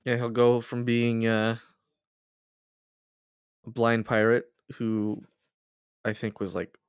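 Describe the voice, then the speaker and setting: A man's voice: mid-range voice, monotone, slow pace, clear, resonant tone, no echo. A man chatting as a tabletop game player, making dry, rambling asides. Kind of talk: casual chat among players.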